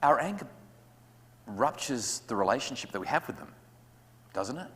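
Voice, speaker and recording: An Australian man addresses a room of parents in a relaxed, joking way, and his voice sits at a middle pitch. His voice carries a long reverb from a large school hall. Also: moderate pace. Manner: conversational and humorous, acts out parents' lines. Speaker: guest speaker on parenting. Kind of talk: public talk to parents.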